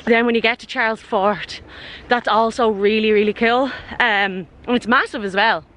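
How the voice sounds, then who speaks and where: A woman's voice: fairly high pitch, fairly even intonation, normal speed, fairly bright tone, low-quality recording. A young woman with an Irish accent chatting casually as a travel vlogger, rambling with lots of fillers. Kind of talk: casual vlog chat. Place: outdoors on walks and indoors in a hotel.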